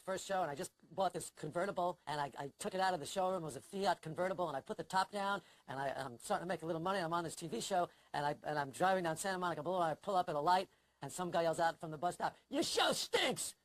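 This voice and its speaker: A man's voice: a little high, racing, dry recording, rough recording. An older man in a casual interview, telling wry, self-deprecating, anxious stories. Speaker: interview guest, comedy writer. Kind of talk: casual conversation.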